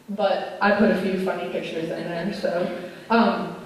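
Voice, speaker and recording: A woman's voice: mid-range voice, steady tone, a little fast. A woman, a pastor's wife giving an earnest, personal anniversary speech read from her notes in a church. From Minnesota, USA. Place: church sanctuary. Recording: echoey church hall, mic from a distance.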